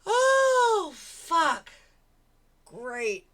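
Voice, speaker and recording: A woman's voice: very high voice, huge pitch swings, extremely slow, very noisy. A woman hosting a late-night stream, commenting on a replayed argument, mocking it with laughter, swearing and mimicry. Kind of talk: casual commentary over replayed audio. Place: home at night.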